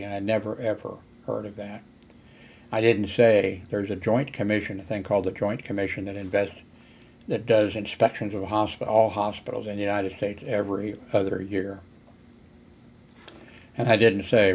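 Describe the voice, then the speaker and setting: Older man, hard of hearing, low even voice, meandering storyteller, faint background hiss. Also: moderate pace. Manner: meandering, many fillers and restarts. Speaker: vlogger. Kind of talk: rambling personal story.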